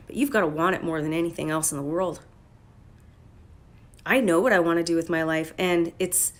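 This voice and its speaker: Blunt, profane woman coach on a livestream. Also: lowish voice. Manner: blunt and profane, swings into loud emphatic bursts. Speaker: life coach. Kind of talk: casual motivational livestream talk. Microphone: phone livestream.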